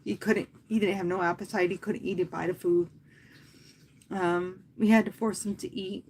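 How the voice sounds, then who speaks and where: A woman who hosts live fitness classes, talking earnestly and from the heart to her viewers in a casual livestream, often pausing and speaking softly. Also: on the low side, fairly even intonation, slight background noise. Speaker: fitness instructor and livestream host.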